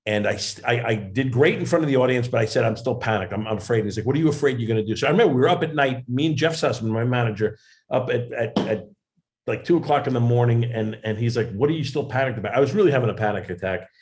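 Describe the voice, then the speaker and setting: A man's voice: medium pitch, fast, darkish tone. A man, a comedian and actor, telling rambling self-deprecating stories as a guest over a video call. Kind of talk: casual interview storytelling.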